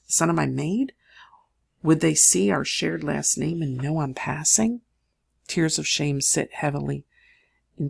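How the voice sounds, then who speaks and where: An audiobook narrator reading a first-person novel in a measured storytelling manner. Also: male voice, a little high, creaky, breathy edge.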